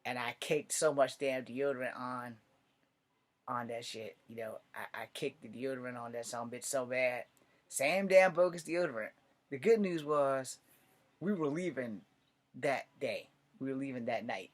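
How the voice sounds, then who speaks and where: A man's voice: mid-range voice, normal speed. A man telling rambling, profane comic stories about his life as an amateur comedian, often laughing at his own jokes. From United States. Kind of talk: rambling stand-up storytelling.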